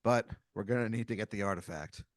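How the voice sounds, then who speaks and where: A man's voice: lowish voice, quick pace, no room sound, clean studio sound, lightly acted. A man voicing a whimsical male space wizard who talks in a laid-back, rambling way.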